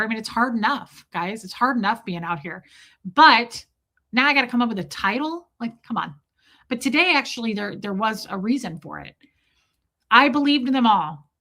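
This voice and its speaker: A woman's voice: fairly high pitch, bright, forceful tone. A woman hosting a livestream, chatting casually in a blunt, profane, self-mocking way. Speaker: livestream host. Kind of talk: casual chat.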